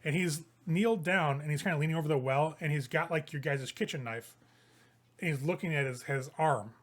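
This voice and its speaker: A man's voice: a little high, brisk. A man running a tabletop game as game master, describing scenes casually and loosely.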